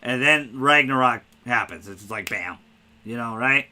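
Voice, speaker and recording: A man hosting a casual spoiler podcast, talking excitedly and rambling, cursing freely. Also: mid-range voice, unhurried. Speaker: podcast host.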